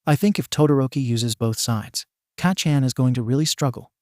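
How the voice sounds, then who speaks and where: A man voicing an earnest, thoughtful teenage boy who speaks brightly in a storybook reading. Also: medium pitch, fairly quick, no echo, clean studio sound, natural voice. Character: earnest, thoughtful curly-haired teen boy.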